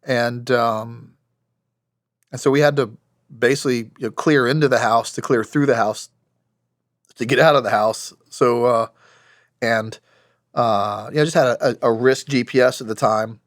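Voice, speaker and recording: This American podcast guest, a former special ops soldier in his forties, recounts stories wryly and plainly with many restarts and long pauses. His mid-range voice moves at a moderate pace with fairly even intonation. Clean studio sound, no echo.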